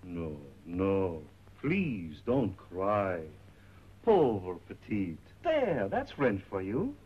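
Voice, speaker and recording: An actor playing a soft-spoken, coaxing shopkeeper with scheming motives in a 1930s film. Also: male voice, fairly low pitch, very animated, drawn-out words, husky, heavily acted. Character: smooth, scheming shopkeeper courting a young woman. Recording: muffled old 1930s film soundtrack with hiss.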